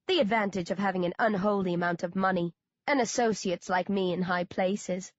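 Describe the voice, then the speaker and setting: A woman's voice: medium pitch, steady tone, brisk, no echo, highs cut off, close to an everyday voice. A woman doing a trilling cruel woman. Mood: gleeful. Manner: trilling, purring. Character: gleeful cruel woman with a gun.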